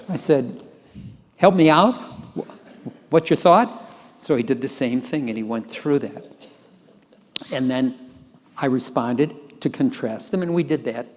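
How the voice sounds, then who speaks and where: A man's voice: mid-range voice, measured pace, long pauses, in a large hall. An older man telling an anecdote in an oral-history recording, acting out the dialogue with animation. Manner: animated storyteller, acts out dialogue. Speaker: tax lawyer telling a story.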